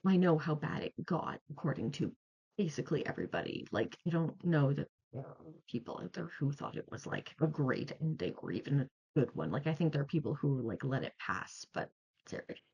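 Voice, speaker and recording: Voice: mid-range voice, sing-song, fairly quick, creaky, darkish tone, husky. A young adult video creator telling a story in a casual, chatty way, rambling and full of "like". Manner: rambling, chatty, heavy use of "like". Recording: slightly muffled lo-fi audio.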